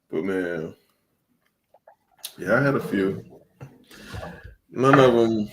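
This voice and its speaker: Low-voiced laid-back man telling stories. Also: lively intonation, slow pace, long pauses, noisy background. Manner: laid-back storyteller, slangy and laughing often. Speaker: podcast co-host. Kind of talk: casual chat.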